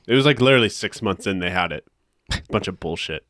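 A man's voice: low voice, animated, quick pace, fairly bright tone. A man co-hosting a podcast in casual chat, laid-back and crude, laughing often. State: wheezy from allergies. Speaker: podcast co-host.

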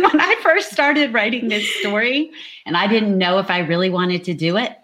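A woman author speaks expressively and laughs easily at a livestreamed book event. Her voice sits somewhat low for a woman. She is heard over a video call. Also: a bit bright.

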